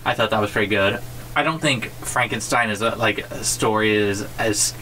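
A man co-hosts a horror book club podcast with a bright, forward tone. He talks in a loose, laid-back way and chuckles between thoughts. Faint noise sits under his voice. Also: fairly low pitch, normal speed, rough recording. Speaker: podcast co-host. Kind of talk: casual book club chat.

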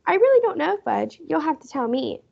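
A woman voicing a kindly, patient old grandmother with a gentle, good-humored manner. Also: high-pitched, very animated, a little fast, creaky, pitched above the performer's own voice, heavily acted. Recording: muffled lo-fi recording.

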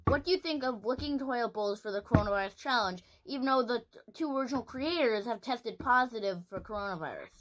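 Bossy high-voiced talk show host, female. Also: animated, fast, hardly any pauses, fairly bright tone. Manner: bossy, exasperated. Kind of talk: playful improvised skit.

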